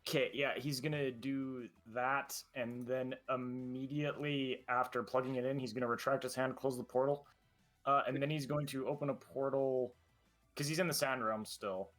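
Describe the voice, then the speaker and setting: A man playing a tabletop role-playing game, describing his character's actions in the third person with halting fillers. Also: medium pitch, steady tone, a bit bright, soft background music. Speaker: player. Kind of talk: casual tabletop play.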